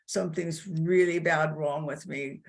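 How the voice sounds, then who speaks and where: A woman giving personal testimony in an interview, telling her story in a halting, emotional way with frequent restarts. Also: deep voice, fairly even intonation, gravelly. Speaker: interview guest.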